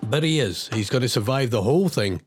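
A man's voice: medium pitch, animated, a little fast, husky. Ranting male radio host. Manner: exasperated, rambling, wry asides.

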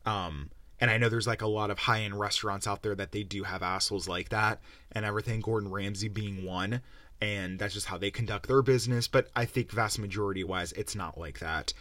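A man's voice: lowish voice, fairly even intonation, fairly quick, sharp tone, no echo. A young man hosting a podcast, rambling and sarcastic as he swears his way through a casual review. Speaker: podcast host. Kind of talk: casual rant-style review.

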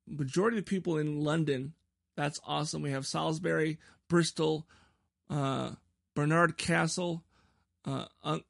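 A man's voice: on the high side, vocal fry, no room sound, clean studio sound. A man hosting his own podcast in a rambling, self-deprecating casual chat, often stumbling over his words. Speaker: podcast host.

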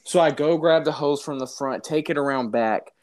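A man tells a story from his own life in relaxed conversation. His voice sits a bit high for a man, and he keeps it animated, laughing and saying dude as he goes. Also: moderate pace. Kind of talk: casual chat.

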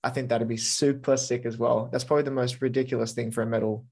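A man's voice: medium pitch, flat delivery, a little mellow. A young man, a podcast guest chatting casually with lots of enthusiasm and swearing. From Australia. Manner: enthusiastic, swears freely, fast bursts. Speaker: podcast guest, metal musician.

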